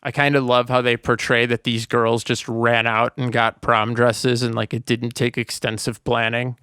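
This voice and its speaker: A man's voice: mid-range voice, level tone, normal speed, pushed and bright, smooth, dry recording, clean studio sound. A man co-hosting a podcast, chatting casually about a movie and rambling with lots of "like" and restarts. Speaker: podcast co-host.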